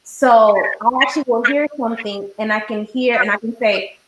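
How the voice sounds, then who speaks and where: Higher-voiced woman host in an echoey room. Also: normal speed, noisy background. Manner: animated, reacts with short exclamations. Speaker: interviewer host. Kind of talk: casual interview chat. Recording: echoey room, faint clicks.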